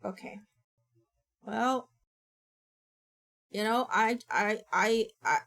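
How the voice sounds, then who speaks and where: Slow, gravelly woman streamer muttering. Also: fairly high pitch, steady tone, a bit bright. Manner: mumbles to herself, thinks aloud. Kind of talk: casual streaming chatter. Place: home streaming setup.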